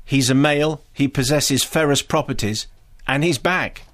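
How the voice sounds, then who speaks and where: A man's voice: medium pitch, moderate pace, a bit bright. A man co-hosting a radio film show, reading listener messages with dry, wry jokes.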